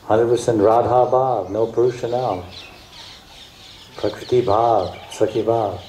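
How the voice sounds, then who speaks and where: A man's voice: fairly low pitch, fairly even intonation, unhurried, dark tone. A man giving a devotional storytelling lecture as a spiritual teacher, emotive and repetitive, now and then slipping into chanted song. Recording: echoey room, faint background noise.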